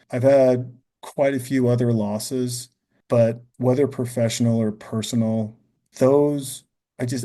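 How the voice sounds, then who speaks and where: A man's voice: medium pitch, mellow. A man as a podcast guest, talking earnestly and thinking aloud, often adding "you know" and "right?". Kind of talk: reflective podcast conversation.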